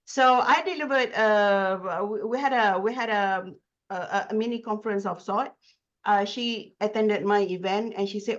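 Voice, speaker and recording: Animated woman with a Malaysian English accent. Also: mid-range voice, moderate pace, dull audio. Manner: animated, emphatic storyteller. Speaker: corporate trainer, podcast guest. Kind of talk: casual podcast chat.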